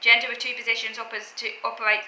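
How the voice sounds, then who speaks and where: A woman vlogger lays out her views in an earnest, lecturing way, often stopping and restarting her phrases. Her voice is very bright and sharp-edged. She sounds like she is in a roomy, echoey space with a faint hum of background ambience. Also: fairly high pitch, little pitch movement, rapid-fire. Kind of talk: explaining opinions to camera.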